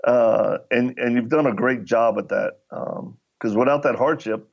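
Middle-aged male guest, gravelly voice, anecdotal storyteller who plays out the dialogue, slightly muffled recording. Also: medium pitch, unhurried. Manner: acts out dialogue while telling anecdotes. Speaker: podcast guest. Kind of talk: conversational storytelling.

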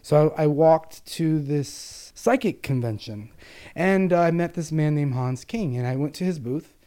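Guest: man, psychic medium, warm mellow tone, earnest storyteller who acts out the voices in his stories. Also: fairly high pitch, unhurried. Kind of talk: personal storytelling in an interview.

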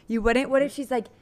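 A young woman co-hosting a relaxed podcast, her voice sitting a little higher than most. She talks in an animated, giggly way and breaks into laughter often. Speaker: podcast co-host. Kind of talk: casual chat.

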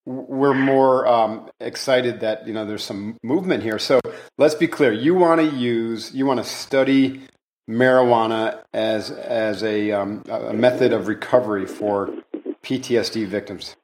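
A man's voice: medium pitch, unhurried, a little mellow, a little hiss or hum. A man hosting a podcast, talking in an upbeat, chatty and joking way while interviewing a guest. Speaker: podcast host.

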